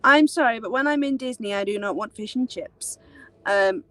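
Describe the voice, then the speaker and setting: A woman's voice: fairly high pitch, normal speed, bright, forceful tone, dry recording. A young British woman chatting casually on a live stream, rambling with many fillers. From Britain. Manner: rambling, many ums and likes. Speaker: live chat host.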